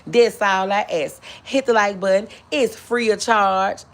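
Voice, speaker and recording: A woman hosting a live stream, chatting casually with viewers as she reads their comments aloud. She answers with affectionate, drawn-out greetings and calls people honey and boo. Now and then she clears her throat. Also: mid-range voice, steady tone. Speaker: livestream host.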